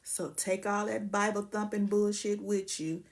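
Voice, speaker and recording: A woman's voice: mid-range voice, little pitch movement, unhurried. A woman hosting a casual livestream, ranting bluntly and profanely and greeting viewers by name. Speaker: livestream host.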